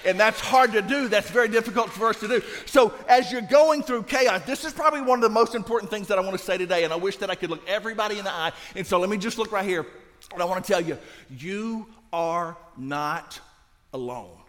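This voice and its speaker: Male pastor, high voice, emphatic sermon delivery that drops to a hush, long hall reverb. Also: quick pace. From Louisiana. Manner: emphatic, swinging from loud to hushed.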